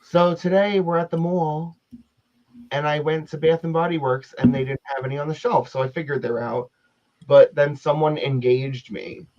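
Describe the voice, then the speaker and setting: A man's voice: fairly high pitch, steady tone, moderate pace, darkish tone. A man co-hosting a casual chat, telling a story in a giggly, exaggerated way. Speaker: co-host. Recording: dull lo-fi sound.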